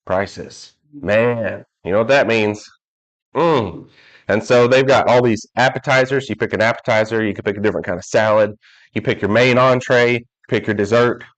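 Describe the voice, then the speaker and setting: A man's voice: on the low side, moderate pace, muffled recording. Male preacher, casual joking sermon style, acts out quotes. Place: church hall.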